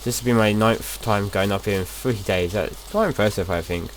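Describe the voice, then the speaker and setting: A man's voice: fairly low pitch, moderate pace, a little hiss or hum. A young man casually talking through his gameplay as a video host, rambling and chatty, often restarting his sentences.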